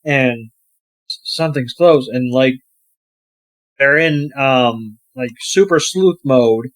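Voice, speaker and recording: A man co-hosting a podcast, recapping a film casually and hesitantly, with plenty of fillers. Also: medium pitch. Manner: unhurried, hesitant storytelling with fillers. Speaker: podcast co-host.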